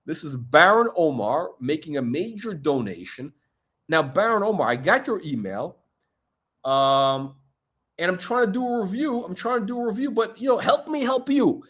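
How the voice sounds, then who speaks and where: A man's voice: high voice, very animated, normal speed, fairly bright tone, husky. A middle-aged man hosting a watch channel, chatting in a gossipy, digressive way, full of asides and fillers. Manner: gossipy, digressive, heavy on "you know" fillers. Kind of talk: rambling livestream chat.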